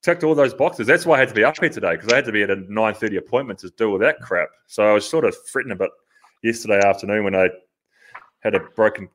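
A man's voice: fairly low pitch, fast talker, a bit bright, a little hiss or hum. A man with an Australian accent co-hosting a casual podcast, recounting his day in a blunt, matter-of-fact way. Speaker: podcast co-host. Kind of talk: casual chat.

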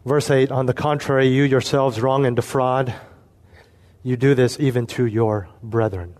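A man preaching an expository sermon, earnest and emphatic, slowing down to stress key points. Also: medium pitch, fairly even intonation, darkish tone. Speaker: pastor.

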